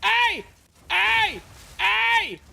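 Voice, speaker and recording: A greedy, pushy male player, as a streamer acts him out, yelling loudly and insistently in a high, sharp voice. He hammers the same demand again and again. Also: sing-song, drawn-out words, creaky, heavily acted. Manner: loud repeated yelling.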